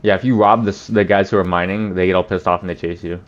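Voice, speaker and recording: A man's voice: sits low, steady tone, fast talker, highs cut off. A man hosting a let's play, joking and swearing in casual gameplay commentary. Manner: profane, joking, laughs often.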